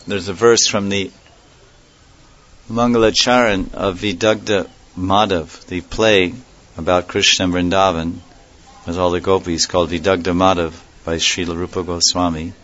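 A man's voice: deep voice, fairly even intonation, normal speed, a bit bright, a little hiss or hum. A man giving a devotional lecture in a reflective way, repeating key words and chuckling now and then. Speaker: spiritual teacher. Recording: dull lo-fi recording.

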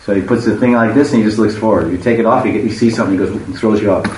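A man's voice: on the low side, steady tone, very fast, a little mellow. A man telling a devotional story in a rambling way, restarting often and stopping to explain words. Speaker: religious storyteller. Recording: echoey room, far from the mic, faint hiss.

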